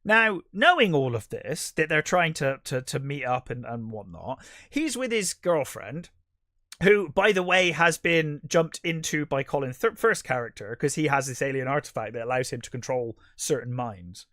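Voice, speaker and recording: A man's voice: medium pitch, expressive, normal speed, pushed and bright, no room sound, studio quality. A man co-hosting a podcast, giving a casual, rambling film review that turns bluntly critical and exasperated. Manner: rambling, restarts mid-sentence. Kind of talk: casual movie review chat.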